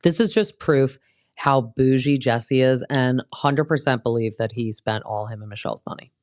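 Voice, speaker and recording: A woman's voice: extremely low pitch, moderate pace, darkish tone, no room sound, clean studio sound. Chatty gossiping woman podcast host. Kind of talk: casual recap commentary.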